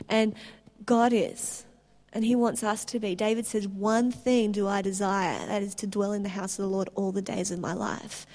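A woman preaching a sermon, telling stories in an animated way with restarts. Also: mid-range voice. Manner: animated storytelling with laughs and restarts.

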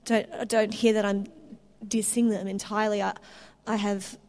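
A woman preaching a sermon, telling stories in an animated way with restarts. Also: mid-range voice, moderate pace. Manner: animated storytelling with laughs and restarts.

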